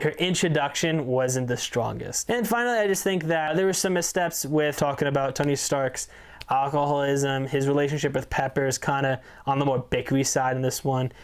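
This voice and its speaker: A man gives his take on a film in a casual chat with a co-host. His voice is smooth and resonant at an ordinary middle pitch. He talks quickly and stops to hesitate now and then. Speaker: co-host movie reviewer.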